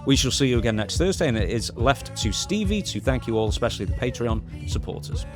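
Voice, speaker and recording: A man's voice: medium pitch, big pitch swings, fast, music in the background. A man co-hosting a podcast in casual chat, teasing in a dry way. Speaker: podcast co-host.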